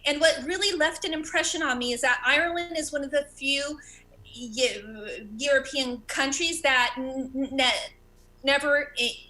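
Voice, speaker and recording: Bright-voiced woman comic who stutters. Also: high-pitched, unhurried, a little hiss or hum, poor audio. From America. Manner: stutters, self-deprecating. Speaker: stand-up comedian. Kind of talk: stand-up set on a video call. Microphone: video call.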